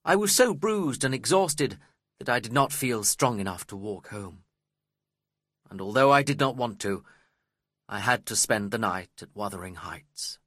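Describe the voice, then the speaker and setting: A man reading a first-person story aloud in a steady, measured way. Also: mid-range voice, slightly rough, no room sound, studio quality. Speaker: audiobook narrator. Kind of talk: scripted first-person narration.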